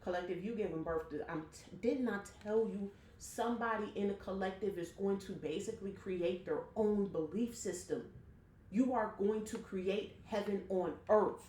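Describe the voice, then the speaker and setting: A woman's voice: mid-range voice, normal speed, darkish tone, slight background noise. Blunt, chatty woman reading tarot. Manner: chatty, blunt, swears freely, talks straight to viewers. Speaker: tarot reader. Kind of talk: casual tarot reading to camera. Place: home room. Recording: echoey room.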